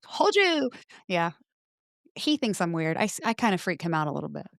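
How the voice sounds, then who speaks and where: A middle-aged woman, a podcast guest, telling a spooky personal story in casual chat, breaking into loud quoted exclamations. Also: fairly low pitch, fairly quick, gravelly, no room sound, studio quality.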